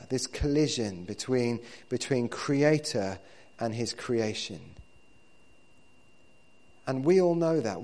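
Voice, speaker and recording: A male pastor delivering a sermon in an everyday speaking voice at a middle pitch. His delivery is conversational and unpolished, with frequent restarts and doubled words as he gathers his thoughts. He speaks to the congregation the way he would talk to friends. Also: darkish tone. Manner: conversational, repeats words while building points.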